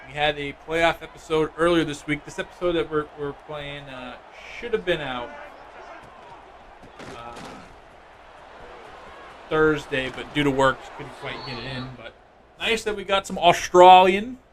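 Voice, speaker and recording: Excitable gaming streamer, higher voice. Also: male voice, a little slow, long pauses, slight background noise. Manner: casual, excitable play-by-play, chatting with viewers. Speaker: streamer playing a football video game. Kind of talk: live gameplay commentary.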